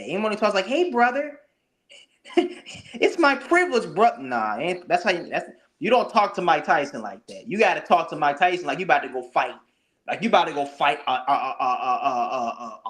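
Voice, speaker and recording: Male co-host, higher-pitched, loose and animated in casual sports banter. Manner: animated, mimics voices for laughs. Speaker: show co-host.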